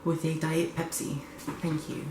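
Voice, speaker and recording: A man's voice: on the high side, level tone, unhurried, roomy sound, background noise, natural voice. A young man putting on a fake British accent to play a prim, fussy restaurant customer. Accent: put-on British. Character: young man faking a posh British diner.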